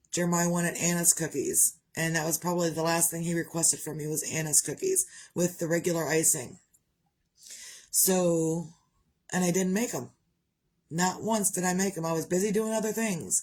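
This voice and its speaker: A woman's voice: lowish voice, rough recording. A middle-aged woman talking through grief in a rambling, heartfelt personal vlog about her crochet projects. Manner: rambling, heartfelt, grieving mother. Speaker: vlogger, crocheter.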